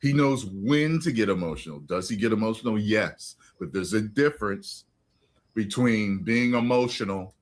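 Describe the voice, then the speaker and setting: A man's voice: on the low side, moderate pace. A man giving his opinion in a clip, lecturing emphatically and repeating his points.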